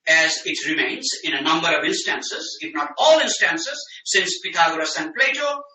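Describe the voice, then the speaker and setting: A professor lectures in a bright, piercing voice, pressing hard on key words and doubling back to restart his sentences. He is caught from some distance by the mic, and the lecture room rings around him. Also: on the high side, sing-song, moderate pace, roomy sound. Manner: emphatic, dense academic phrasing with frequent restarts. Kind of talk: academic lecture.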